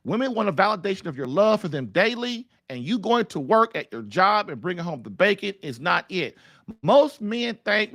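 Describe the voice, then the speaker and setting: Animated, high-voiced man coaching husbands. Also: moderate pace, no room sound, clean studio sound. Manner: animated, repetitive, colloquial, addresses listeners as man and dude. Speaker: podcast host giving marriage advice. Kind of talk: live-stream talk, casual preaching to men.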